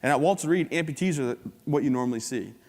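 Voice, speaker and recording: A man's voice: mid-range voice, animated, quick pace, a little mellow. Upbeat joking man in a big hall. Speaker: keynote speaker. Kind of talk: humorous motivational talk. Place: large conference hall. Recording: long hall reverb.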